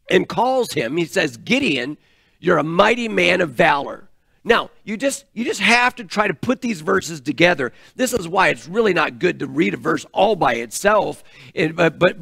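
A high-pitched man with a gravelly edge preaches an earnest, emphatic sermon, stumbling over fillers and restarting his phrases. The sound is close and dry, with little room around his voice. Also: fairly bright tone, no room sound. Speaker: pastor. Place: church.

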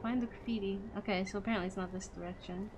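A woman's voice: mid-range voice, fairly even intonation, rapid-fire, background noise. A woman streaming a game, chatting casually, thinking aloud as she plays and laughing often. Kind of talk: casual gameplay chat.

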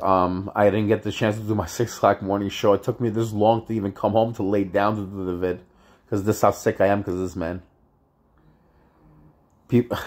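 Deep-voiced upset man vlogging. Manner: halting, many fillers and restarts. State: upset and frustrated. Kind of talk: casual vlog monologue.

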